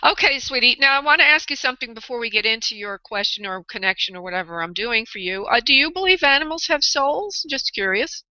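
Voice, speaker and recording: A woman's voice: a little high, lively intonation, a little fast, hardly any pauses, pushed and bright, no echo. A woman with a New York accent hosting a live call-in psychic radio show, chatty and laughing often. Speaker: psychic medium radio host. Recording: dull lo-fi internet radio audio.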